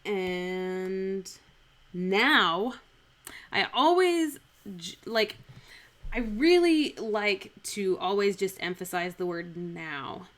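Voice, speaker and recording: A woman talks through lines of old verse on a live stream, in an unhurried, chatty way. She corrects herself often and reads phrases over and over to try out where the stress falls. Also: medium pitch. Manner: chatty, self-correcting, repeats lines aloud to test stress. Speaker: streamer analyzing a Shakespeare speech. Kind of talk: thinking aloud while scanning verse. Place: home streaming setup.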